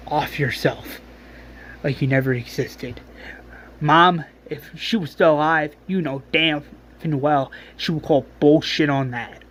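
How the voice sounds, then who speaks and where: A man's voice: fairly high pitch, fairly bright tone, a little hiss or hum. A man playing a grieving young man begging his sister. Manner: emotional, pleading, halting restarts.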